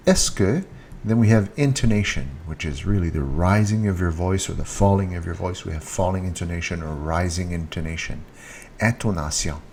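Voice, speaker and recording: A man giving a casual French lesson, speaking slowly, repeating each French word and stressing it, recorded on a handheld mic. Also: low voice, darkish tone, slight background noise. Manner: slow, repeats French words with rising emphasis. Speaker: French teacher. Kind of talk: casual online language lesson. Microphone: handheld mic with earphone monitor.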